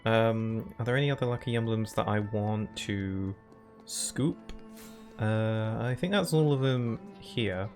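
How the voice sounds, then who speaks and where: Faint game music plays behind a man who talks slowly in a low, slightly mellow voice. He rambles through chatty live-stream commentary while playing and frequently laughs at himself.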